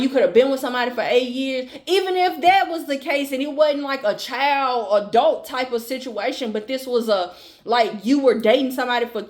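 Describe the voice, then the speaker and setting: A woman giving a tarot reading to her viewers, blunt and emphatic, swearing freely and repeating phrases for emphasis. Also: high-pitched. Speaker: tarot reader. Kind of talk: channel tarot reading, casual and direct to viewers.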